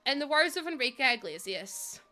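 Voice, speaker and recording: Bright, chatty woman streaming. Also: sits high, sing-song, fairly quick, soft background music. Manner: chatty, giggly, addresses viewers as bestie. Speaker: game streamer. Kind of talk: casual live-stream chat.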